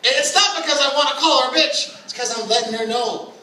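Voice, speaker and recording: Man, stand-up comedian, brash and crude, high tense voice, echoey club room, distant mic. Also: fast talker, slight background noise. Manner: brash, crude, switches into shouted put-on voices. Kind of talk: open mic stand-up set. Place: small comedy club stage.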